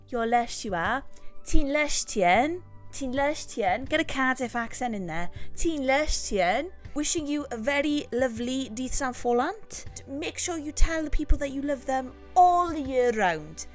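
A woman giving a casual, playful video lesson, drawing out phrases slowly and laughing often. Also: on the high side. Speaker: Welsh language teacher.

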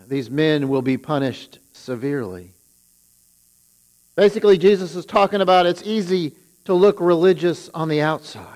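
A man's voice: fairly high pitch, moderate pace, a little mellow, rough recording. A man who is a pastor, preaching a sermon and retelling scripture with rising emphasis on its warnings.

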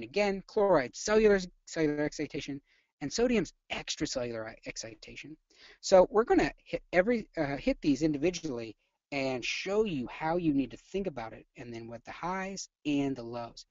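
Animated pitch, energetic chatty instructor, quizzes the audience, dull lo-fi dry sound. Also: fairly quick, no echo. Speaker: nursing instructor. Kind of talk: live webinar lecture.

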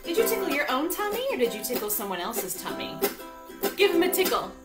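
Woman, children's music teacher, high voice, bubbly and coaxing, loud ukulele behind. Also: sing-song, a little fast. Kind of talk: live sing-along for toddlers. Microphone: live video stream.

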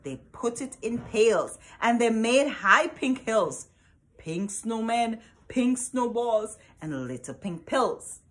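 A woman reading a picture book aloud to children as a storyteller, animated and full of exclamations. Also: on the high side, slow.

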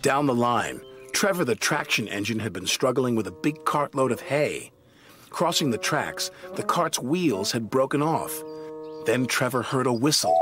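A man narrating a children's storybook in an expressive reading voice. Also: medium pitch, a little slow. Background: music.

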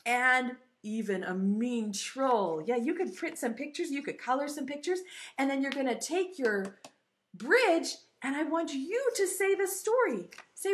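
Woman, preschool teacher, online lesson, sing-song, very lively pitch. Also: slight background noise. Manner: sing-song, encouraging, drawn-out key words.

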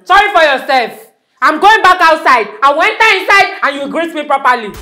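A woman's voice: high-pitched, very animated, a little fast, faint music behind, full character voice. A woman playing a strict, scornful schoolteacher in a comedy sketch, scolding with a Nigerian accent. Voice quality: scolding, sharp and mocking.

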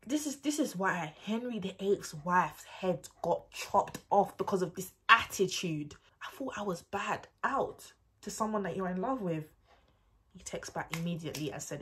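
A young woman telling a story in a casual, animated way, laughing often and dropping into a hush to act out texts. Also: lowish voice, moderate pace, breathy edge. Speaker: vlogger.

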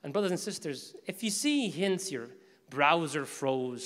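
A man giving a storytelling religious lecture in an animated, casual way, speaking directly to his audience. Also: a little high, measured pace. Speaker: Islamic lecturer. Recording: long hall reverb.

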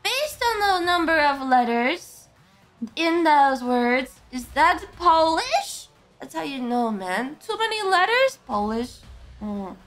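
Woman streamer, casual chat, sleepy and slurring, high and animated. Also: slow, soft background music.

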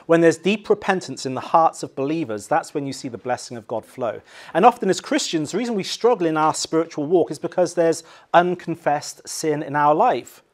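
A male pastor with an English accent preaching a sermon, swinging from loud acted cries to quiet, low emphasis. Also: expressive, brisk.

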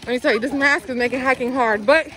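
A young woman with a high, slightly bright voice vlogs on a handheld camera outdoors, talking quickly in a chatty, blunt way with casual swearing. She narrates from busy streets and hiking trails, and the rough recording picks up crowd chatter and outdoor noise.

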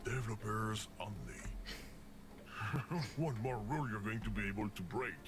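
A man's voice: fairly low pitch, moderate pace, music in the background, lightly acted. An actor voicing the game itself as a fussy male narrator who keeps scolding the player, with theatrical outbursts. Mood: sarcastic. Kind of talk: video game voice acting.

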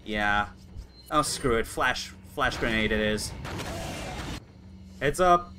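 A young man chatting excitably while live-streaming a video game. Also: fairly low pitch, a little slow, over music. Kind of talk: live gameplay commentary.

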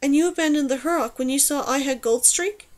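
A woman doing a kind and curious young girl, speaking gently and asking questions, her voice light and fairly high. A storybook heroine who is brave but soft-spoken. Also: brisk, natural voice. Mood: gentle.

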